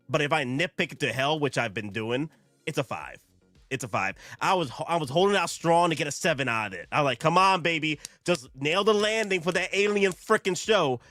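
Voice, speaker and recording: A man hosting a casual livestream chat, excitable and quick to break into indignant rants. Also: mid-range voice, dry recording. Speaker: host.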